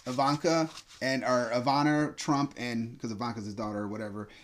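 A man co-hosting a casual podcast chat, animated and swearing freely. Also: mid-range voice, brisk, a loud crowd. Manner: animated, swearing, laughs while talking. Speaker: podcast co-host.

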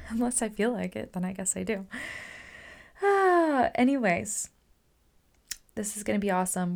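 A woman's voice: medium pitch, gravelly. A woman hosting her own podcast in a casual solo monologue, gushing and upbeat, with lots of "like" and "oh my gosh.". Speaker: podcast host.

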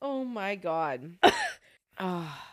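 Podcast co-host, woman, mid pitch, lively, dry sound, tells stories casually. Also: drawn-out words, dry recording. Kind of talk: storytelling in casual chat.

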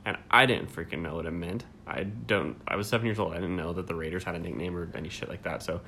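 A man in his thirties chatting casually, telling stories in a relaxed, swearing way. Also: low voice, fast talker, gravelly, slight background noise. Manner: laid-back, swears freely, storytelling. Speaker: co-host. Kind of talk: casual chat.

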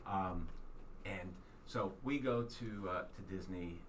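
Podcast host, male, lowish voice, rambling self-mocking storyteller, sits back from the mic with faint hiss. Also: slow pace, distant mic. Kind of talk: casual chat, telling a personal story.

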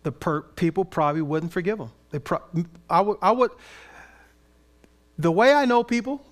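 Animated preaching man, higher voice. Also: moderate pace. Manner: animated, conversational preaching with playful asides. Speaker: pastor. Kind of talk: sermon.

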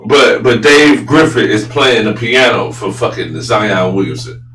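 A man's voice: on the low side, a little slow. Blunt, profane man talking basketball. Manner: blunt, profane, gets loud and incredulous. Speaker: sports podcast host. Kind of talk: casual opinionated sports talk. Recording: roomy echo, voice a bit far from mic, faint hum.

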